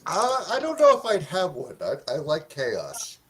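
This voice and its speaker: A man's voice: on the high side, wildly swooping pitch, unhurried, a bit bright. A man chatting casually about tabletop games in a playful way. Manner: playful, laughs while talking.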